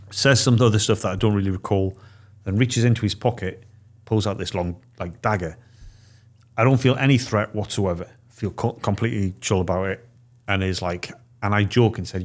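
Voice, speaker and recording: A man in his forties with a low voice tells a story in a casual podcast chat. He lays it out step by step and drops into the voices of the people he meets as he quotes them. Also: normal speed. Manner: vivid storyteller, acting out quoted dialogue. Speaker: podcast guest.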